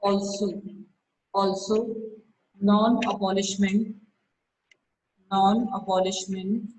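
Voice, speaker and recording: A woman's voice: medium pitch, little pitch movement, slow, a little mellow, slight background noise, poor audio. A woman teacher dictates notes to an online class over a video call. She repeats each phrase and calls out the punctuation, then sharply scolds students by name.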